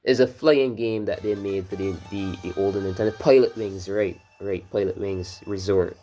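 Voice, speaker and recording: A man's voice: fairly low pitch, steady tone, normal speed, warm tone, soft background music. A man from Barbados giving casual, rambling commentary while playing a racing game, drifting into swearing rants. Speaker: gameplay commentator.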